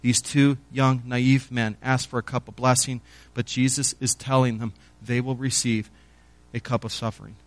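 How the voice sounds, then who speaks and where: A man's voice: mid-range voice, flat delivery, moderate pace. A man preaching a sermon in an earnest teaching tone, rising in force when stirred.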